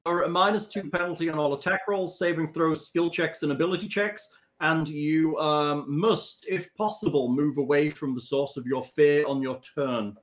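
A man with a slightly raised pitch runs a tabletop game, teasing his players and cursing freely. He rattles through rules text in quick bursts between the banter. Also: fairly even intonation. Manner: joking, profane, reads out rules quickly. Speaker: game master. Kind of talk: running a tabletop game over voice chat.

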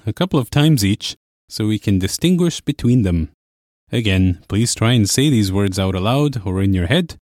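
A man teaching a language lesson, explaining clearly and patiently. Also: on the low side, darkish tone, no echo, clean studio sound. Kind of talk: scripted lesson narration.

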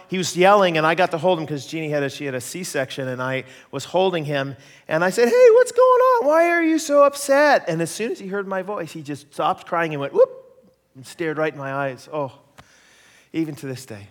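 A middle-aged man preaching, telling personal stories in an animated way, laughing and acting out the voices he quotes. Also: mid-range voice. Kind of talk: sermon storytelling. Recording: long hall reverb.

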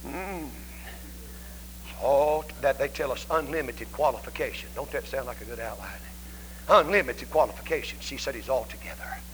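A man preaching a revival sermon in a Southern American accent, telling folksy stories and swinging from shouts down to hushed whispers in a church. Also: mid-range voice, normal speed, poor audio. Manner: folksy storytelling. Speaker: evangelist preacher. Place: church sanctuary. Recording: faint hum on a 1990s church tape.

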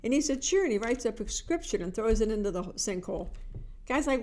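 A middle-aged woman, a life coach, giving an energetic motivational talk and acting out the voices in her stories. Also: fairly high pitch, brisk. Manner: energetic, animated storytelling with quoted inner voices.

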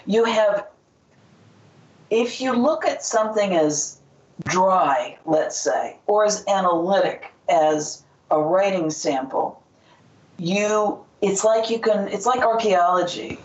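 A woman's voice: medium pitch, takes it slowly. Woman author guest, rambling and hesitant, echoey room, muffled lo-fi sound. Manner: rambling, hesitant, many fillers and restarts. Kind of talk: casual interview talk. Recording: distant, roomy, dull audio.

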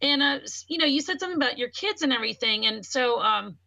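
Bright-voiced woman telling a personal story. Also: sits high, lively intonation, fast, gravelly, dry recording. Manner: voices quoted speech. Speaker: podcast talker. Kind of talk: casual conversation.

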